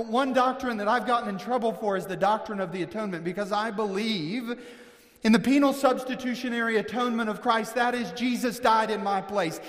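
High-voiced preacher in a reverberant hall. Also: male voice, fairly bright tone. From Missouri, US. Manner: earnest preaching with frequent restarts and slowed emphasis. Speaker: pastor. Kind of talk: sermon.

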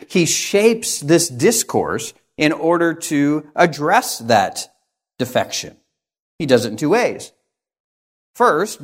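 A man preaching an expository sermon, with emphatic, rhythmic repetition. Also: fairly high pitch.

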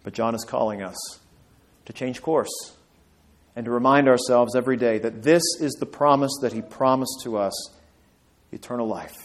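A male pastor preaching a sermon, building to emphatic peaks and dropping to quiet, earnest lines. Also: mid-range voice, steady tone, moderate pace.

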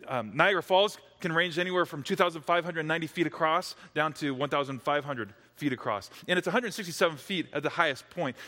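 A man's voice: on the high side, pushed and bright, long reverb tail. A man preaching a sermon as a dramatic story, dropping to near-whispers at the tense moments.

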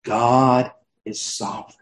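Pastor preaching in a roomy church. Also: male voice, mid-range voice, flat delivery, slow pace. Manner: conversational preaching with many fillers and restarts. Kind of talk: sermon. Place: church sanctuary.

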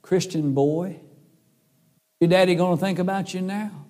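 A man's voice: sits high, steady tone, measured pace, a little mellow, voice pushed up. A man voicing a mean, bullying old man who taunts and threatens. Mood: taunting. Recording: long hall reverb.

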